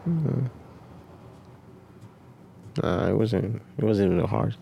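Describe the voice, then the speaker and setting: A man's voice: fairly low pitch, animated, slow, gravelly, dark tone, a little hiss or hum. A young Nigerian man with a Nigerian accent, a rapper whose first language is Yoruba, answering interview questions in a laid-back way with short replies. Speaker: rapper guest. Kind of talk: casual interview chat.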